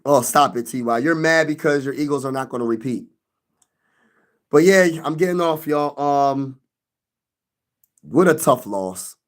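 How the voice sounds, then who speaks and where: A man's voice: medium pitch, animated, unhurried, long pauses. A young man hosting a sports live stream, venting loosely in slang and talking back to his chat.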